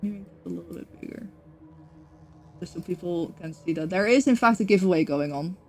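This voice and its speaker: A woman's voice: lowish voice, moderate pace, slight background noise. A young woman streaming a game, chatting casually and rambling, correcting herself and swearing now and then. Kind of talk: casual livestream chat.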